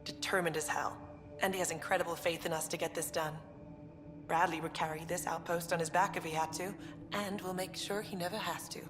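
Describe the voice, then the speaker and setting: A woman's voice: lowish voice, fairly even intonation, a little fast, natural voice. An actress voicing a wry, matter-of-fact female research director in a video game. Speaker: game character. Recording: game audio with reverb and loud music.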